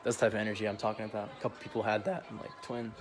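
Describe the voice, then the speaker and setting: A man's voice: fairly low pitch, little pitch movement, very fast. Young man ranting, slangy vlog. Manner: slangy, profane, laughs often. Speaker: vlogger. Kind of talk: casual rant to camera.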